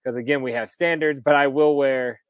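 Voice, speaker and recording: A man's voice: medium pitch, steady tone, brisk, clean tone, no room sound, narrow, tinny audio. A man in his thirties, a podcast co-host, telling stories in a casual chat, laughing often and swearing freely.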